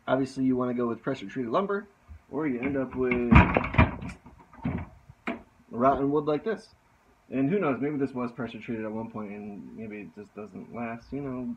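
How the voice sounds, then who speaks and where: A man's voice: mid-range voice, normal speed, pauses often, narrow, tinny audio, very noisy. Wisecracking man working under a boat. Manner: joking, wisecracking, talks to himself while working. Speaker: sailboat vlogger. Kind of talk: casual DIY narration. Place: outdoors under a sailboat in a boatyard. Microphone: handheld phone.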